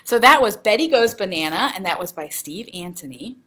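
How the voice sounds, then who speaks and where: A woman's voice: medium pitch, lively intonation, brisk, bright, forceful tone, breathy edge. A woman, a children's librarian, reading picture books aloud at storytime. She speaks in a sing-song way and asks young listeners questions.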